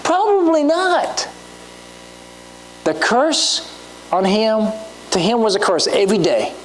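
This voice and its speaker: A woman delivers a sermon in a church, earnest and full of rhetorical questions. Her pitch rises and falls in a lively, animated way. A faint hum runs underneath the recording. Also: takes it slowly, rough recording. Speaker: preacher.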